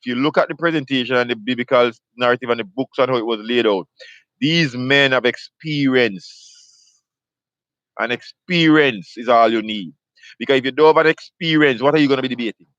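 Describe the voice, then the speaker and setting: A man's voice: mid-range voice, fairly quick, a bit bright, no echo, highs cut off. A man, preaching on a live video and firing off repetitive rhetorical questions. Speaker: host of a live video ministry. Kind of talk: preaching monologue.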